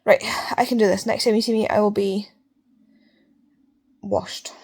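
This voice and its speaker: A woman's voice: mid-range voice, fairly even intonation, a little slow, vocal fry, a little mellow, husky. A young Scottish woman talking casually in a home reading vlog, chatty and prone to swearing rants. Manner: chatty, ranting, swears freely. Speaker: book vlogger.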